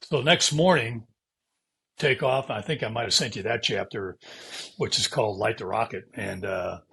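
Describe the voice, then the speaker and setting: A man's voice: lowish voice, moderate pace, gravelly, a bit bright, breathy edge. An older American man, a former fighter pilot, telling stories in an interview, acting out radio calls and hissing brake sounds and swearing casually. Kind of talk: animated storytelling interview.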